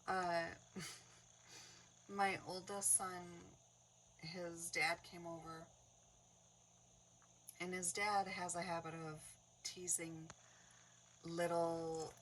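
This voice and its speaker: A woman in a casual crafting chat who tells stories, laughs often and drops into soft whispered asides. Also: fairly low pitch, far from the mic, slight background noise, rough recording. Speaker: craft vlogger.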